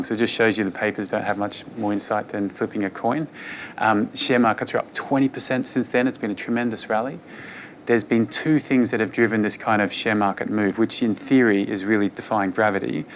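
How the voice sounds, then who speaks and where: A fund manager, a man, giving an investor presentation on markets in a relaxed, conversational way with frequent fillers. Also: lowish voice, a little hiss or hum.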